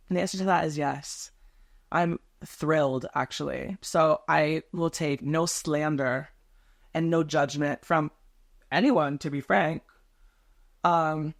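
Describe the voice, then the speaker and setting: A young man from Tennessee chatting alone in his bedroom, rambling quickly and stumbling over his words. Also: a little high. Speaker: podcast host. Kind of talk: solo casual chat to camera.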